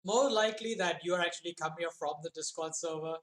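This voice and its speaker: A man's voice: a little high, fairly bright tone. A man player on a tabletop game stream, chatting and teasing the others. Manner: joking, quick to tease. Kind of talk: casual chat on a game stream.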